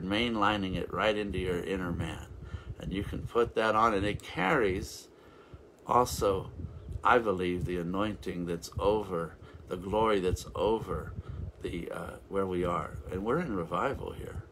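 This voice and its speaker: A man's voice: low-pitched, fairly bright tone, slight background noise. A man giving an informal, rambling sermon as a revival minister, with frequent restarts and interjections of praise.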